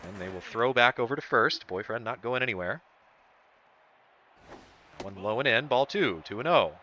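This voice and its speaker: A man commentates a baseball video game in broadcaster style, his voice leaping up when a big play lands. His tone is bright and pushed forward. The stream audio sounds a bit dull, with a faint hiss underneath. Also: mid-range voice, normal speed. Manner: excitable, voice jumps up on big plays.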